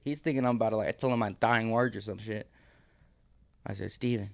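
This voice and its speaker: A man's voice: fairly low pitch, fairly even intonation, fast talker, gravelly, long pauses. A man, a podcast guest, telling a story casually, acting out quotes and laughing often.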